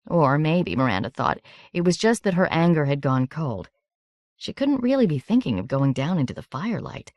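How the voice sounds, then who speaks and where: A woman narrating an audiobook in a measured, steady reading. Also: deep voice, dry recording, lo-fi sound.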